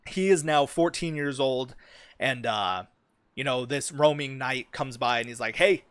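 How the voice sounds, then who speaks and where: A man's voice: medium pitch, a little slow, fairly bright tone, clean tone, no room sound. Laid-back young man, dry close sound. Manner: loose and profane, full of ums and likes. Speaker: streamer and fantasy writer. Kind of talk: casual chat about a fantasy story.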